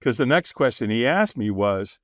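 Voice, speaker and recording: Lively, animated male storyteller. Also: medium pitch, moderate pace, dry recording, clean studio sound. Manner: animated, acts out quoted voices, laughs often. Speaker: podcast guest. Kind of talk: storytelling in a conversation.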